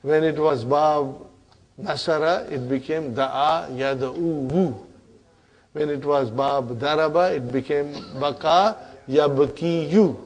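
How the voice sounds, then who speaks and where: An Arabic teacher with a slightly high voice speaks slowly as he drills verb forms in a grammar lesson. He checks in with "huh?" and "okay?" and calls his student brother.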